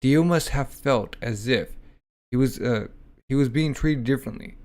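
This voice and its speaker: A man reading aloud the lines of a gentle, remorseful, dying elderly noble father from a comic, in a plain, slow delivery. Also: medium pitch, lightly acted. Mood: regretful.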